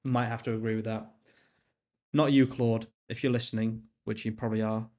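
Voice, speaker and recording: A man's voice: on the low side, little pitch movement, fairly quick, a little mellow. A young man chatting casually on a live stream while coding, reading chat aloud, laughing and swearing now and then. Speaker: livestream host.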